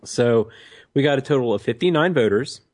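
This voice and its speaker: A man co-hosting a podcast in casual chat, speaking in a hesitant, halting way. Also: mid-range voice, lively intonation, a little mellow, no room sound, studio quality. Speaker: podcast co-host.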